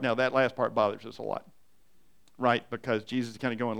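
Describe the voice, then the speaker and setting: A man's voice: mid-range voice, fast talker, gravelly. A middle-aged man, a pastor, preaching an emphatic, story-driven sermon. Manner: emphatic, animated storytelling with repetition.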